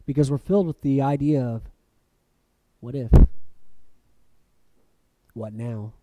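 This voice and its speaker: A man preaching a reflective sermon, letting phrases fall soft and then lifting sharply for emphasis. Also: mid-range voice, slow pace. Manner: reflective, with soft dropping phrase ends and sudden lifts.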